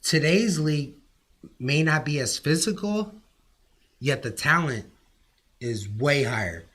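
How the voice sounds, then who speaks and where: A man's voice: on the high side, animated, slow pace, fairly bright tone. A man in a casual podcast debate, arguing animatedly and leaning on "like" as filler.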